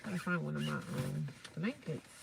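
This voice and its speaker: A woman's voice: sits low, wildly swooping pitch, moderate pace, vocal fry, background noise. A woman vlogging from inside her parked car, chatting casually and emphatically to viewers and calling them honey. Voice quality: emphatic, talkative, calls listeners honey. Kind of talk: casual vlog chat to viewers.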